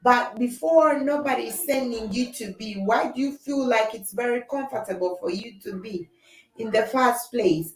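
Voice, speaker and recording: A woman chatting with her live audience in an animated way, laughing often and acting out quarrels. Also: on the high side. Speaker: livestream host. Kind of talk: casual chat with live comments. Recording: echoey room.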